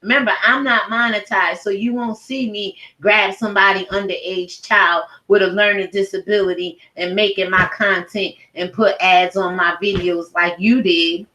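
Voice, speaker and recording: A woman's voice: medium pitch, steady tone, moderate pace, hardly any pauses, sharp tone, rough recording. A woman giving a heated, profane rant as a YouTube commentator, speaking emphatically. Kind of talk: angry rant to camera.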